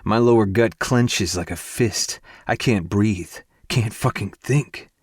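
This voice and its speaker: Deep-voiced man narrating a romance audiobook. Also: slow, no room sound, clean studio sound. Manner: intimate, hushed and breathy.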